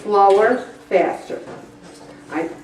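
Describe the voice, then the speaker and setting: A woman's voice: medium pitch, takes it slowly. Chatty woman speaking in an echoey room. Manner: chatty and animated, acts out little voices. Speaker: weight-loss group leader. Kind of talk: group presentation. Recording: roomy echo from far off the mic.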